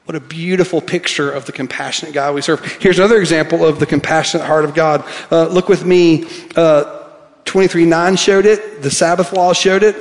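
A pastor preaching a sermon, reading scripture aloud and swinging from soft, quiet lines to emphatic ones. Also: male voice, a little high, steady tone, brisk. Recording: long hall reverb.

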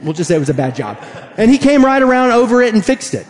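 A man preaching a sermon, animated and emphatic, acting out the voices he quotes. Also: very high-pitched, fast. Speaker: pastor. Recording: long hall reverb.

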